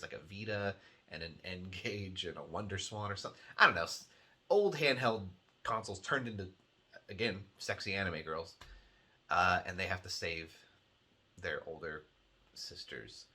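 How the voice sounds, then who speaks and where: A man's voice: deep voice, lively intonation, normal speed, bright, forceful tone, husky. A man hosting a weekly video game release show, chatting casually in a sardonic way, swearing freely and laughing often. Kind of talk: casual rambling commentary.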